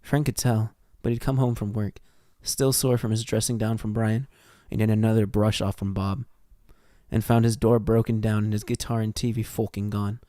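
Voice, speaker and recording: A man's voice: on the low side, little pitch movement, normal speed, mellow, no echo. An American man reading a fan fiction story aloud on a stream, swearing freely and stumbling over words as he reads. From United States.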